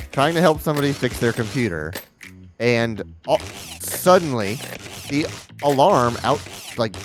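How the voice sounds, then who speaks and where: Guy streamer, mid voice, flustered storytelling. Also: medium pitch. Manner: flustered retelling, stumbles and repeats words. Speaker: livestream co-host. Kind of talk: casual storytelling chat.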